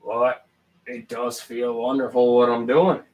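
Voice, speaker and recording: Streamer, male, slow unhurried delivery, rambling profane rants at chat. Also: mid-range voice, flat delivery, darkish tone. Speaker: livestreamer. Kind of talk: casual livestream chat.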